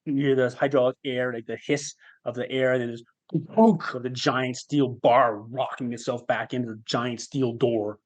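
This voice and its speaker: A man speaking as a guest on a podcast, telling a personal story in a reflective, halting way. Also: medium pitch, steady tone. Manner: reflective and halting, with fillers and restarts.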